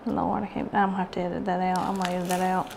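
A woman's voice: lowish voice, little pitch movement, rapid-fire, vocal fry, noisy background. Chatty Southern woman crafting. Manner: rambling, chatty and self-deprecating. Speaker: craft channel host. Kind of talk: casual craft tutorial chat.

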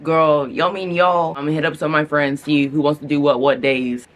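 A woman's voice: deep voice, level tone, moderate pace. A young woman from the United States, talking casually to camera in a travel vlog with crude, sarcastic jokes, recorded close up indoors at a friend's home. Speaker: vlogger.

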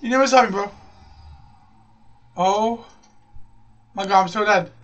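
A man giving excitable live gameplay commentary as a channel host, repeating himself and calling everyone "bro". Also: sits high, unhurried, recorded from a distance, dull audio, slight background noise. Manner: excitable, repeats phrases, says "bro" constantly.

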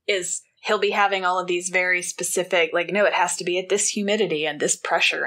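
A woman co-hosting a podcast in casual chat, telling a story with wry, animated asides. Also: fairly low pitch. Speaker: podcast co-host.

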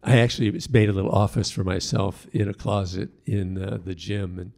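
An older man, a priest, telling stories from his past in a reflective, halting way and acting out the voices of the people he quotes. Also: on the low side, fairly even intonation, creaky, darkish tone. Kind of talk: storytelling talk.

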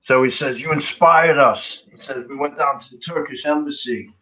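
A man's voice: mid-range voice, steady tone, fairly quick, sharp tone, lo-fi sound. A man who sings in a punk band, telling road stories as an interview guest, swearing constantly and full of fillers. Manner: profane, rambling storyteller with frequent fillers. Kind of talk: casual storytelling interview. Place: remote live stream call.

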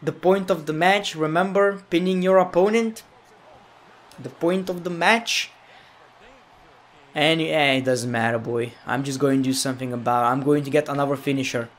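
A young man with a high, light voice talks over his wrestling game. He is goofy and playful, and keeps slipping into mock anger and shouted demands at the wrestlers. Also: normal speed. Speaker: gaming YouTuber. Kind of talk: gameplay commentary.

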